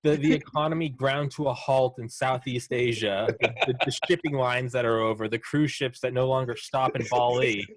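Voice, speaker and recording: A man's voice: mid-range voice, moderate pace, hardly any pauses, no room sound. A man hosting a podcast in casual chat, riffing sarcastically with a lot of swearing. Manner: animated, swearing, sarcastic riffs. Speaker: podcast host.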